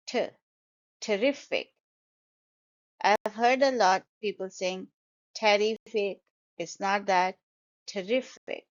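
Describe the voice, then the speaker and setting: A woman teaching English vocabulary, pronouncing each word slowly and carefully, syllable by syllable. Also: mid-range voice, highs cut off. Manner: slow, careful, syllable-by-syllable pronunciation. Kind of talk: pronunciation lesson.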